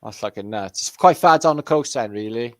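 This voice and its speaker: A man chatting loosely as a podcast host, wandering from thought to thought with frequent swearing and hesitations. His voice sits at an ordinary middle pitch and sounds close and dry, with no room around it. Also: animated, a little fast, no echo. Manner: rambling, swearing, filler-heavy. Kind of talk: casual conversation.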